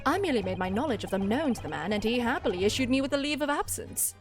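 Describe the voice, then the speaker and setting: An eccentric gentleman detective from a game, pompous and grandiose, speaking in fussy old-fashioned phrases, as a woman acts him out. The voice rises and falls with lively swoops. Faint music plays behind. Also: on the high side, quick pace. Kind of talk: dramatic reading of game dialogue.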